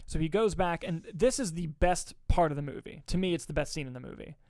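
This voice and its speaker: A man co-hosting a podcast, reviewing a movie in casual chat, excited and swearing often as he retells scenes. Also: on the high side, a little fast, no echo, studio quality.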